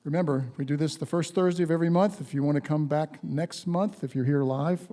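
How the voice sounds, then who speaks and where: Mellow-toned man hosting live radio. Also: mid-range voice. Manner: upbeat, promotional. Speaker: radio show host. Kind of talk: live broadcast announcements. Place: live radio show before an audience.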